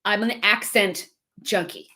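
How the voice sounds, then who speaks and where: A woman hosting a live faith devotional stream with her husband, talking in an animated way and laughing often. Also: mid-range voice, unhurried. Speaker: host. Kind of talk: casual devotional chat. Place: live video stream at home.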